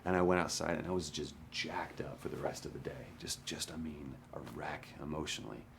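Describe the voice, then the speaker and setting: A male actor candidly recalling a hard shoot, frank and at times dropping to a hush. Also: extremely low pitch, fairly even intonation, brisk, creaky, noisy background. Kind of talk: candid interview recollection. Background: music.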